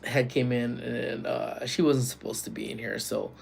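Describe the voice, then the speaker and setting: A security guard streams from the community center where he works, talking casually in slang and loudly welcoming people as they join. He speaks at a moderate pace in a mid-range voice with vocal fry, over a faint hiss or hum.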